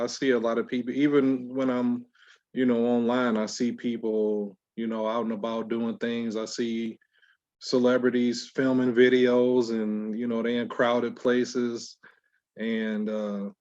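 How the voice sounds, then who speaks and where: A man's voice: fairly low pitch, darkish tone, no echo. A man co-hosting a casual podcast chat, laid-back and peppering his talk with "you know.". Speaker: podcast co-host. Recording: dry, dull lo-fi sound.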